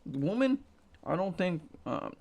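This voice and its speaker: Tired, gravelly male reaction YouTuber. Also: high voice, sing-song, takes it slowly, darkish tone. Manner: sarcastic, profane, rambling. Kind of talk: casual reaction commentary.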